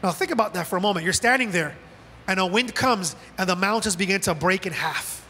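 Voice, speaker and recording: A male pastor preaching a sermon in a lively, animated way, acting out quoted lines from scripture. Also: high voice, a little fast, slightly rough. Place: church auditorium. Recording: large hall with long reverb.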